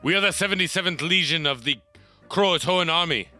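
A man voicing a gruff male Dalmatian soldier who challenges someone to a fight. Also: fairly high pitch, a little fast, pushed and bright, soft background music, pitched above the performer's own voice. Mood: challenging.

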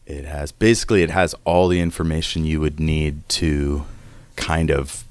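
Male game master, rambling narration, very deep, dry close mic. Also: steady tone, moderate pace, clear, resonant tone, no echo. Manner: rambling, many fillers and restarts.

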